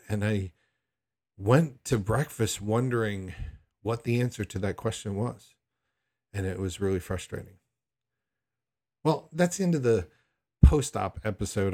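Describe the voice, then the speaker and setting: Middle-aged male podcast host, lowish voice, candid and reflective storyteller. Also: darkish tone. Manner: reflective, candid, unhurried with frequent restarts. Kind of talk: personal storytelling.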